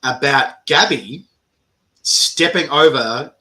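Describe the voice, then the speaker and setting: A man hosting a casual interview, animated, laughing often and swearing freely. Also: mid-range voice, takes it slowly. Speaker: host.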